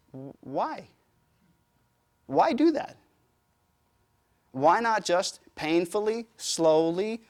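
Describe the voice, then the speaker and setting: A man teaching yoga, answering audience questions with emphatic, rhetorical explanations. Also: fairly high pitch. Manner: emphatic, rhetorical, animated storytelling.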